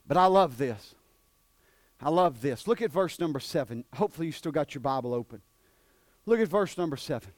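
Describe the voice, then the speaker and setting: A male preacher, delivering a sermon that swings between shouted peaks and hushed, drawn-out passages. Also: fairly high pitch, lively intonation, no room sound, clean studio sound.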